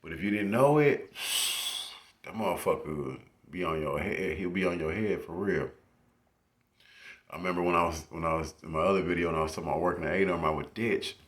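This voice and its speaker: A young man casually telling stories into his phone, swearing freely and laughing as he goes. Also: extremely low pitch. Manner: profane, laughing, animated retelling. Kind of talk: casual storytelling.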